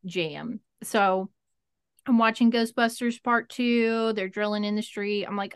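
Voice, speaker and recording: A woman's voice: medium pitch, fairly even intonation, measured pace, smooth, dry recording, studio quality. Frank, profane woman telling a story. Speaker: interview guest. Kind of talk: casual storytelling.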